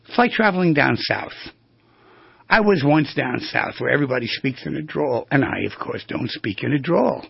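Gravelly husky New radio host. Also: male voice, medium pitch, lively intonation, moderate pace, dry recording, highs cut off. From New York. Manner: rambling, storytelling, drifts between tangents. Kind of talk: casual talk on voice skills.

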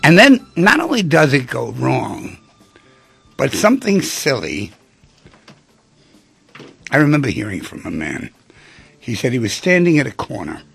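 This is a dry recording of a radio talk monologue by a man whose voice is heavily gravelly and husky, captured on a studio mic. Lively pitch movement carries his storytelling as he plays the various people involved.

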